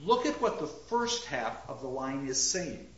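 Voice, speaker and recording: A man teaching a class on poetry, reading lines aloud slowly and rhythmically and putting questions to the students. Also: medium pitch, big pitch swings. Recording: roomy, dull lo-fi classroom recording.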